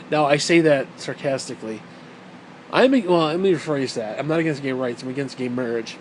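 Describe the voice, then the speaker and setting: A man's voice: mid-range voice, normal speed, slight background noise, poor audio. A man delivering a heated, profane and sarcastic ranting monologue as a vlogger.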